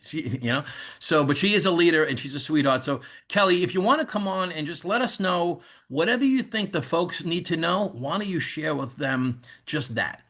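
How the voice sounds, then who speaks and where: A man's voice: on the high side, animated, moderate pace, a bit bright. A man in his fifties with a New York accent hosting an online info session in a rambling, conversational way. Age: 50s. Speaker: host. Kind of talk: casual online presentation.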